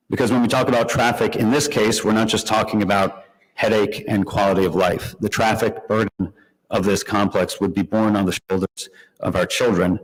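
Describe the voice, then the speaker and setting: A man speaking for a school district, reading a prepared statement at a public meeting in a measured, formal way. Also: on the low side, husky. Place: town meeting hall. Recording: long reverb in a meeting hall.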